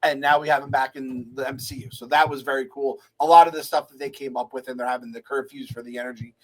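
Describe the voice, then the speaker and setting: A man co-hosting a podcast, excitably acting out his own reactions in a casual movie review chat. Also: medium pitch, quick pace, low-quality recording. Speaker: podcast co-host.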